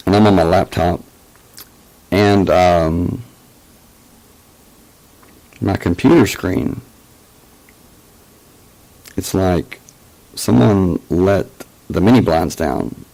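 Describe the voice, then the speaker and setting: Man, deep slow voice, halting casual storyteller with lots of fillers. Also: creaky, warm tone, poor audio. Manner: hesitant, full of fillers and restarts. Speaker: channel host telling a personal story.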